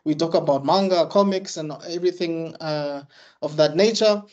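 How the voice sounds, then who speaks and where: A man's voice: fairly high pitch, normal speed, a little mellow, highs cut off. A man from South Africa hosting a podcast, upbeat and chatty with fillers. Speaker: podcast host. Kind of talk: casual podcast chat.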